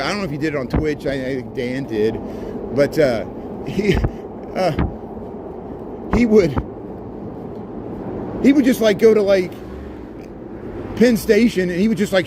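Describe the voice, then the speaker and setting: A chatty man from Indiana streams his walk along a city street at dusk, rambling casually and greeting passersby. His voice is fairly high-pitched, and outdoor street noise and traffic can be heard.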